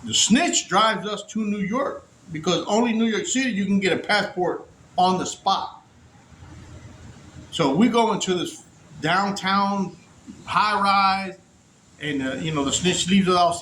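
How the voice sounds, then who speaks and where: A man's voice: sits high, a bit bright, a little hiss or hum. A man telling his own story to camera in a casual, rambling, profane way. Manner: rambling, profane, restarts often. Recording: echoey room.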